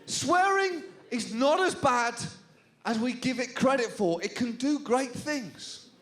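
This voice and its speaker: A man hosting a stand-up comedy show, telling a story in an animated, theatrical way on a club stage. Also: extremely high pitch, slow, a little hiss or hum. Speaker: host. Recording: live club with loud audience. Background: audience laughing.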